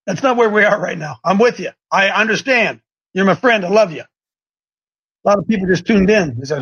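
A man hosting a live call-in show, talking in an excitable, preachy, rambling way. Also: high-pitched, normal speed, slightly rough, highs cut off.

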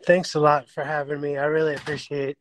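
A man's voice: fairly high pitch, little pitch movement, a little fast. A man calling in, polite and brief. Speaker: caller.

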